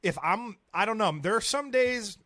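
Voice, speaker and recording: A young man co-hosts a sports radio show. He tells a long story in a rambling way, full of restarts. His voice sits a little high, and the studio sound is dry. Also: expressive, moderate pace, sharp tone, no echo. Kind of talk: casual studio chat.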